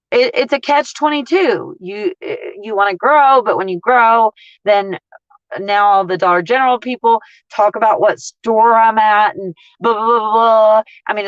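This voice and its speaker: A woman, ranting in a casual livestream as a couponing vlogger, blunt, profane and animated as she tells stories. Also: a little high, no echo, lo-fi sound.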